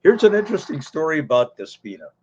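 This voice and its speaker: A man co-hosting a podcast, an unhurried storyteller who drifts into folksy asides and fillers. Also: a little high, sing-song, a little mellow, breathy edge, highs cut off. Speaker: podcast co-host, former ring announcer. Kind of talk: casual podcast chat.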